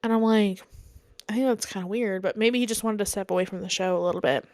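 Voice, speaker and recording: Young woman, solo podcast host, chatty and rambling, smooth voice a little higher than usual, close and dry mic. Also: quick pace, a little mellow, no echo. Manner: rambling, frequent "like" and "um", candid opinions. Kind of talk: casual solo chat about reality TV.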